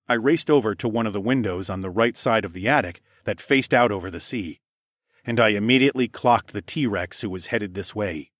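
A man narrating a first-person story in a steady, measured way. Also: fairly low pitch, no echo, studio quality. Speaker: audiobook narrator.

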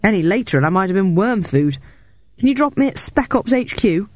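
A woman's voice: medium pitch, animated, a little fast, darkish tone, no room sound, voice pushed up, natural voice. A man voicing a tough young female detective who answers danger with sardonic quips, in a dry recording. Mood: alarmed. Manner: sardonic quips under pressure.

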